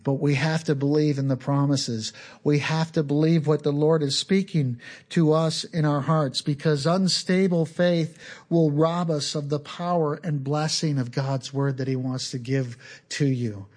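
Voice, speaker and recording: Casting: male pastor, slightly higher voice, earnest unhurried sermon delivery. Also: steady tone, a little mellow. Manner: earnest, unhurried teaching with small repetitions.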